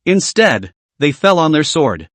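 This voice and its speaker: A man's voice: on the high side, sing-song, unhurried, fairly bright tone, no room sound. A man narrating a dramatic story recap in a scripted way.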